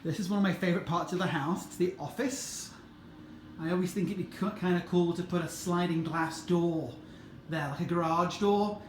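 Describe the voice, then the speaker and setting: A man's voice: fairly high pitch, fairly even intonation, moderate pace. A man working as a realtor, chatting casually as he walks through a show home and points out its features. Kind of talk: casual walkthrough home tour. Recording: echoey empty rooms, faint background noise.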